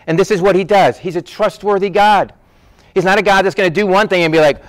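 A man preaching a sermon in a conversational, animated storytelling way, often restarting his phrases. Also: high-pitched, normal speed, clear, resonant tone, low-quality recording. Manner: animated storytelling, acting out quoted voices. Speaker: pastor.

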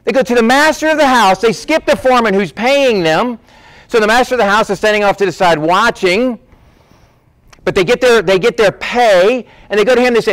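A man preaching a sermon in a conversational, animated storytelling way, often restarting his phrases. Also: high-pitched, fairly quick, rough recording. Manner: animated storytelling, acting out quoted voices. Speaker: pastor.

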